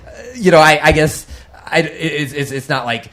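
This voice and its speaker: A man co-hosting a podcast, retelling a comic book ending in an animated way and repeating words as he goes. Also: fairly high pitch, moderate pace, a crowd in the background. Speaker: podcast co-host. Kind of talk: casual comic book chat.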